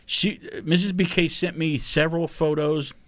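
A man's voice: a little high, flat delivery, moderate pace, a bit bright, dry recording. A man hosting a radio show, chatting casually and rambling with jokes at his own expense, laughing often. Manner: rambling, jokey, self-deprecating, laughs often. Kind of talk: casual chat. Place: radio studio.

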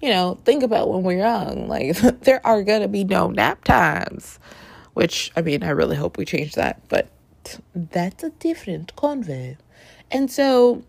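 A young woman chatting casually in a book review vlog, animated and given to swearing and laughing. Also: lowish voice, vocal fry.

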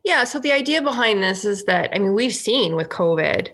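A woman's voice: medium pitch, animated, normal speed, a bit bright. A woman from Canada, a provincial legislator, talking earnestly and indignantly in a casual political podcast, with many "like" fillers.

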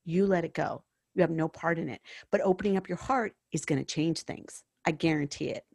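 A hospice and bereavement counselor speaks in a low, brisk, slightly mellow and husky voice with vocal fry. In a conversational interview she talks earnestly about faith and spiritual matters, sharing stories from her work. The studio sound is clean, with no echo.

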